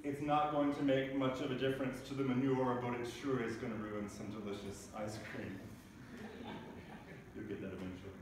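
A man preaching a sermon as pastor, telling funny everyday stories in a lively way. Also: medium pitch, brisk, hardly any pauses, background noise. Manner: humorous storytelling preacher. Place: large church sanctuary. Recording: echoey church recorded from a distance.

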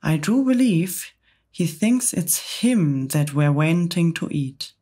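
A woman's voice: lowish voice, lively intonation, slow pace, breathy edge, exaggerated voice. A woman whispering as a kindly ladybird. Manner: gentle, reassuring. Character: kindly female ladybird creature. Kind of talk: whispered role-play.

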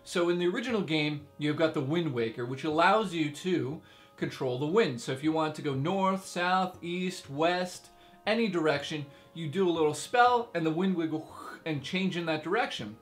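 A man hosting a casual video game review, talking in an excitable, joking way with exaggerated asides. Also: on the high side, moderate pace, faint music behind.

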